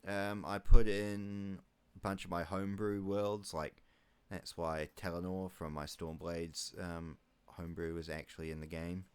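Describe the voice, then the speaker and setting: A man's voice: sits low, little pitch movement, measured pace, clean tone. A man from New Zealand giving casual let's-play commentary, rambling with wry asides and muttering his menu choices to himself. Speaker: gaming YouTuber.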